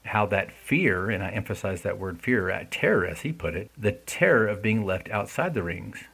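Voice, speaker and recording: A man's voice: on the low side, lively intonation, brisk, creaky, a bit bright, slightly rough. A man speaking in an earnest, conversational way, often checking in with his listeners. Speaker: speaker discussing an essay. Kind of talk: casual reflective talk.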